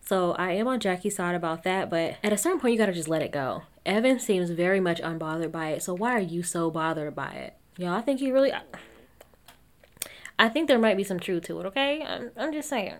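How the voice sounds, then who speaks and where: A woman's voice: lowish voice, animated, brisk. A young woman giving a casual, opinionated recap of a reality TV show, laughing often and talking to her listeners as y'all.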